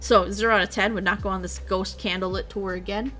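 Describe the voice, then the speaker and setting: A woman's voice: medium pitch, fairly even intonation, brisk, sharp tone, faint music behind. A young woman streamer chatting casually, rambling along and swearing freely. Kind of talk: casual chat.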